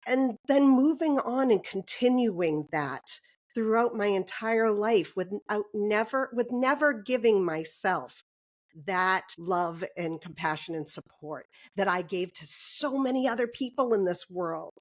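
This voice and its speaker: A woman's voice: mid-range voice, animated, unhurried. A woman hosting an interview, sharing personal experiences in a heartfelt, reflective way. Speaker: podcast host.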